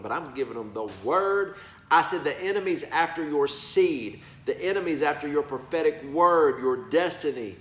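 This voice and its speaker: A man's voice: mid-range voice, a bit bright, roomy sound. A man preaching prophetic words in a folksy, emphatic way, calling listeners y'all and baby. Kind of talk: animated preaching to camera.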